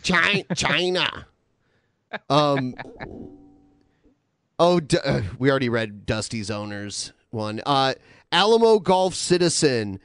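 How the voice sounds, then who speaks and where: A man's voice: medium pitch, sing-song, slow pace, pauses often, clean tone, dry recording. A man hosting a casual podcast, rambling through announcements and reading donation messages aloud with lots of filler words. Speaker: podcast host.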